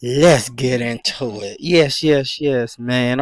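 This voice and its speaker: A man's voice: mid-range voice, slow, dry recording. A man co-hosting a casual podcast, out of breath and talking loosely and profanely, sometimes dropping into gossipy whispers. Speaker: podcast co-host.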